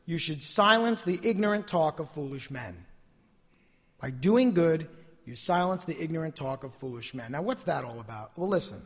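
Man, pastor, tired voice, emphatic sermon, high-pitched, echo of a large hall. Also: animated, moderate pace. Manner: emphatic preaching, repeats key phrases.

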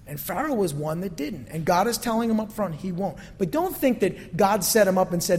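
A man's voice: sits high, big pitch swings, a little fast, few pauses, a little mellow. A male pastor giving a conversational sermon that is full of rhetorical questions, recorded in a church sanctuary. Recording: long reverb from a hall.

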